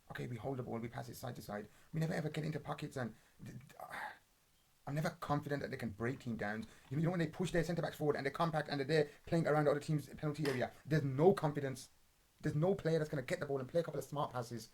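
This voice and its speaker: A young man talks fast and in a husky voice as he rattles through match reactions. His football banter is blunt and rambling, heavy with slang and swearing. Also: medium pitch. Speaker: podcast host. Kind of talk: casual football watch-along commentary.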